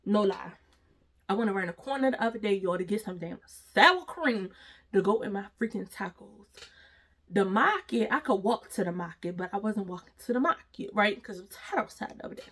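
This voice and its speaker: A woman's voice: mid-range voice, expressive, a little fast, fairly bright tone, slightly rough. A woman, dramatically telling a storytime vlog and talking straight to her viewers with slang. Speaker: storytime vlogger.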